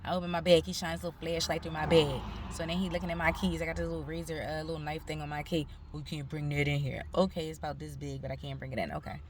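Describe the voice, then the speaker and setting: A woman's voice: sits low, level tone, racing, few pauses, a little hiss or hum. A woman tells a story in a casual, profane vlog. She talks animatedly and acts out the people she quotes. Faint outdoor ambience and passing cars sit behind her phone recording. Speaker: vlogger.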